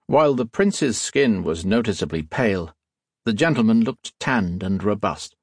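Low husky male audiobook narrator. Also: no room sound, studio quality. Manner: steady, measured storytelling.

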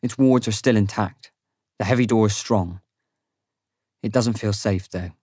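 A man narrating a fantasy audiobook in the first person, with a measured, sombre reading on a close studio mic. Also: fairly low pitch, darkish tone, slightly rough, no room sound.

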